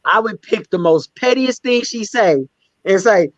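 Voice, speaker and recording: A man telling candid stories as a guest in a conversational interview, emphatic and animated, often repeating words as he restarts. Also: sits high, measured pace, no room sound, muffled recording. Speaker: stand-up comedian and guest.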